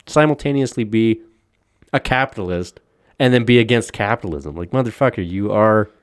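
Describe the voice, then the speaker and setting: A man's voice: fairly low pitch, animated, fairly quick, no room sound, studio quality. A man co-hosting a casual podcast, ranting with lots of profanity and frequent laughter. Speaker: podcast co-host.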